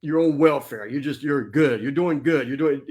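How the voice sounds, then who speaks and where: A man giving blunt, animated motivational talk in a casual conversation. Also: mid-range voice, moderate pace.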